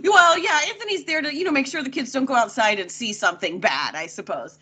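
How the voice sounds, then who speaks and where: A woman's voice: sits high, lively intonation, brisk, pushed and bright, breathy edge. A woman chatting casually as a podcast guest, recapping a TV episode with frequent laughter. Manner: laughs often, chatty and amused.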